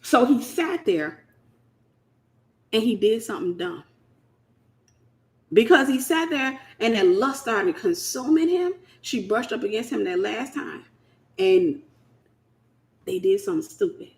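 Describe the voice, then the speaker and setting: A woman's voice: fairly high pitch, very animated, a little slow, gravelly, long pauses. A woman from the United States hosting a casual Christian teaching talk, speaking in an emphatic, colloquial way and repeating her key phrases. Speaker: host.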